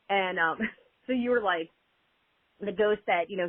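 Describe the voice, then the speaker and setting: A woman calling in to tell a personal story, animated and acting out quoted exchanges as she talks. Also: lowish voice, moderate pace, no room sound. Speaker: caller. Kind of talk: personal story over the phone. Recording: tinny phone line, dry.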